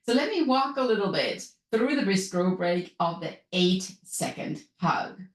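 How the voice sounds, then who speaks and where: A woman from Europe with a European accent, a business and wellness coach hosting her podcast in an upbeat, chatty way. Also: unhurried. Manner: upbeat, chatty, lively pitch swings. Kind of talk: solo podcast talk. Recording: echoey room.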